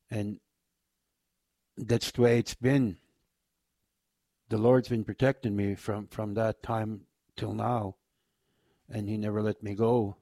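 A man telling his personal faith testimony in a halting, repetitive way, often trailing off quietly. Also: fairly low pitch, no room sound. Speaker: former inmate sharing his faith testimony.

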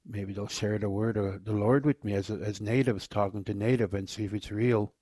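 A man telling his personal faith testimony in a halting, repetitive way, often trailing off quietly. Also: on the low side, steady tone, no room sound. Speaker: former inmate sharing his faith testimony.

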